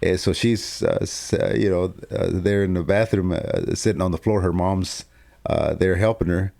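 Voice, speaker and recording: Pria bersuara sangat rendah yang bercerita sambil tertawa. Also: male voice, sits low, moderate pace, vocal fry. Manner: animated storyteller, laughs often, acts out the dialogue. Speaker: co-host telling his testimony. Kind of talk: casual storytelling.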